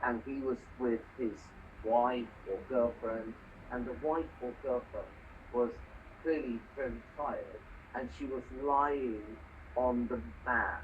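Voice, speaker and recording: A man in casual conversation, telling a story in an earnest way and often adding "you know". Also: medium pitch. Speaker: conversation partner. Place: lives in Hong Kong. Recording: distant, muffled, faint background noise.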